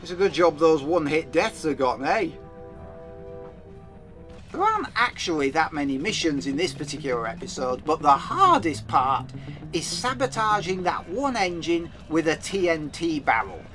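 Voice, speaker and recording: A high, bright male voice narrating a game review, his pitch bouncing lively from phrase to phrase. He reads a script but slips in wry, chatty asides. Faint game music plays under the voice-over. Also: normal speed.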